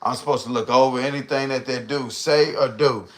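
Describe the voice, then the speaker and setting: Hosting a livestream in a mid-range voice, a man rants fairly quickly and casually with plenty of slang and profanity. He brings his stories to life by acting out the voices of the people involved.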